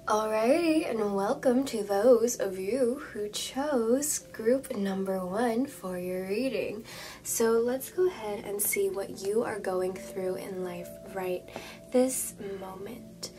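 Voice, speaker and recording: Slow, hoarse young woman reading tarot. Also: medium pitch, darkish tone, rough recording. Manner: slow, soothing, drawn-out phrasing. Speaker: tarot reader. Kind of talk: calm guided tarot reading.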